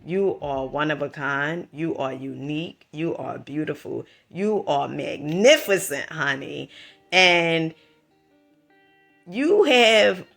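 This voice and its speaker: A woman's voice: sits low, lively intonation, takes it slowly, gravelly, a bit bright, faint music behind. A woman with a Southern US accent giving a motivational talk to the camera, emphatic and preachy, calling the listener honey and checking in with "right?" and "okay?". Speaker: vlogger.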